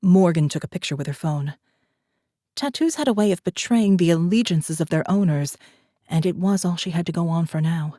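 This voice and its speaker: A woman narrating a thriller audiobook in a steady, measured storytelling voice, recorded on a close studio mic. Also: lowish voice, dry recording. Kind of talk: scripted narration.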